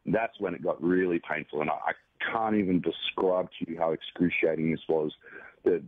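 A man calmly recounting a survival story in a measured, matter-of-fact way. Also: deep voice, dry recording. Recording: tinny phone-like dry audio.

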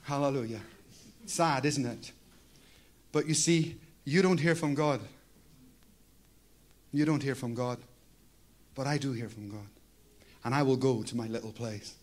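A man's voice: medium pitch, unhurried, pauses often. A man preaching a sermon as pastor, talking in a conversational way and often asking the congregation "Amen?".

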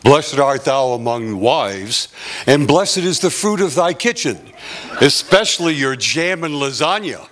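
A man's voice: medium pitch, very animated, a bit bright, a little hiss or hum. A man doing a pompous olde-English husband. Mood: mock-romantic. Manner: pompous, drawn-out mock-archaic delivery. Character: man wooing his wife in mock olde English. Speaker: church member in a skit. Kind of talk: comic church skit.

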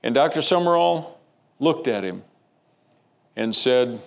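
A man's voice: medium pitch, expressive, slow pace, creaky. A man preaching a sermon as pastor, telling a story with frequent stammered restarts.

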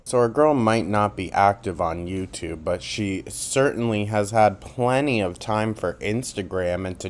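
A man giving a sarcastic, mocking commentary, with plenty of swearing. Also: low voice. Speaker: commentary YouTuber. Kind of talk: commentary vlog.

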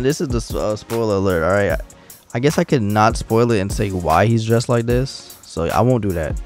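A man giving casual, excitable commentary while playing a wrestling video game, teasing and talking to the characters on screen. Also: medium pitch, a little fast, vocal fry. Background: game music.

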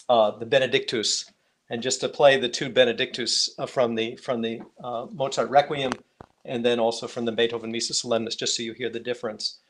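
Male class instructor, ordinary pitch, halting and searching, wraps up a music lesson. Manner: hesitant, gropes for words, many restarts. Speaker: music teacher. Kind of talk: live online class.

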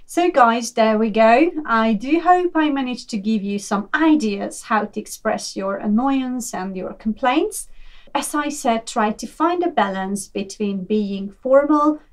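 A woman from Hungary, a teacher giving a language lesson, modeling example phrases clearly and patiently. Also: fairly high pitch, lively intonation, unhurried. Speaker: English teacher.

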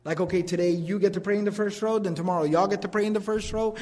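Male preacher, high and fast, animated lecture style with casual asides, recorded in a reverberant hall. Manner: quick, animated, mixes in recited scripture and casual asides. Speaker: preacher teaching a lecture series. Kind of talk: religious lecture.

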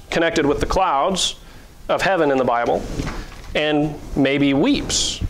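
A male pastor preaching a sermon in an earnest, conversational way, with fillers and soft chuckles. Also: on the high side.

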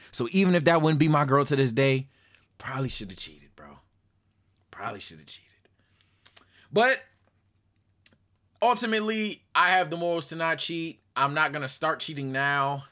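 A young man telling a high school story in a casual, animated monologue, swearing freely and talking straight to his chat. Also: brisk, hardly any pauses. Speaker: storytelling streamer.

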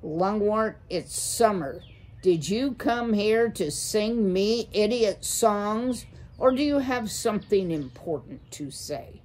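A woman's voice: medium pitch, expressive, takes it slowly, darkish tone, voice pushed up. A woman voicing a menacing, snappish male horned owl in a read-aloud storybook. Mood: gruff, impatient. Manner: snarling, snappish.

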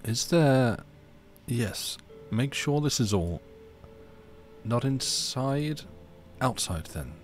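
A man's voice: mid-range voice, expressive, very slow, faint music behind. A man reading the lines of a secretive shopkeeper woman in his own plain voice. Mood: hushed. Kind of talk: reading game dialogue aloud.

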